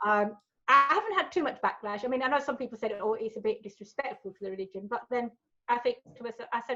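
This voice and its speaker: A woman's voice: fairly high pitch, fast talker. A woman in her forties, with family from Gujarat, telling stories bluntly as a guest in a casual interview and acting out what people said. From family from Gujarat, India. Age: 40s. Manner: blunt, animated storyteller, acts out quotes. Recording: dull lo-fi recording.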